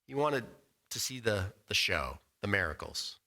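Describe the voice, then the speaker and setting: Guy leading a bible study, sharp bright voice, chatty, keeps asking the class questions. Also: on the low side, big pitch swings, a little slow, creaky. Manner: conversational, quizzes the group. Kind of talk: casual Bible lesson. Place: church meeting room.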